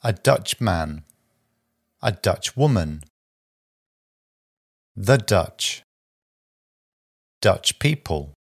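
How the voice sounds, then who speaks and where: Man, language teacher, deep voice, very lively intonation, careful phrase-by-phrase delivery. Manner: slow, deliberate, pausing after each short phrase. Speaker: vocabulary teacher. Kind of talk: reading a vocabulary list aloud.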